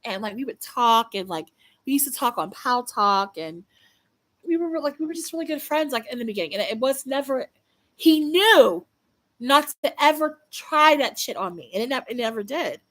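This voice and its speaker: A woman's voice: a little high, animated, moderate pace, fairly bright tone. A young woman chatting casually to her livestream viewers, blunt and swearing freely, often restarting her sentences. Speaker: livestream host.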